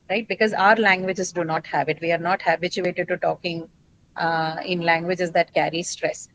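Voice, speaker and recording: A woman's voice: fairly low pitch, a little hiss or hum, low-quality recording. A woman with an Indian English accent teaching an English pronunciation class, explaining step by step and checking in with the students. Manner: questioning, explanatory, frequent "right?" checks.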